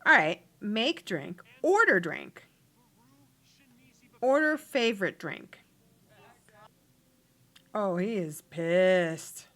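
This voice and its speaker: A woman's voice: mid-range voice, very animated, drawn-out words, pauses often, fairly bright tone. A woman hosting a let's play, chatting casually over gameplay and acting out her characters' arguments in quoted lines, laughing often.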